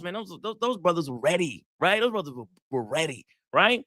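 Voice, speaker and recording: Guy hosting a live dating talk, slangy storyteller, crisp dry audio. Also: fairly high pitch, fast, hardly any pauses, dry recording. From Atlanta, US South. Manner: animated storyteller, acts out quotes, slangy. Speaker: psychologist hosting a live session.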